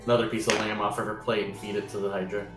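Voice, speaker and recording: A man's voice: fairly low pitch, flat delivery, very fast. A man playing a tabletop roleplaying game, describing his character's actions in a playful, hesitant way. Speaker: player. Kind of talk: tabletop role-play. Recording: echoey room with faint music.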